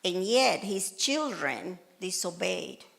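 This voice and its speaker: A woman pastor delivers a sermon in a church, earnest and animated, slipping into acted-out quotes from her own life. Her voice has a gravelly edge throughout. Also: mid-range voice, takes it slowly. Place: church hall in Malta. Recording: church service.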